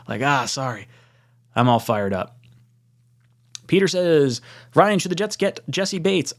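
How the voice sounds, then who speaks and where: Chatting casually on his live stream, a young man reads out comments from viewers. He's excitable and quick to laugh, often jumping into a higher register when he gets worked up.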